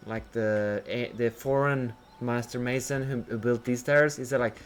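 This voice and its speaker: A man's voice: mid-range voice, fairly even intonation, normal speed, a little hiss or hum. A man streaming a building game, rambling and questioning himself as he thinks aloud. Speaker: gameplay streamer. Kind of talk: casual gameplay commentary.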